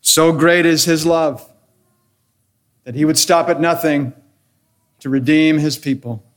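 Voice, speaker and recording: Earnest man preaching a sermon. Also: on the high side. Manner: earnest, measured preaching with rhetorical questions and enumerated points. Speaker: pastor.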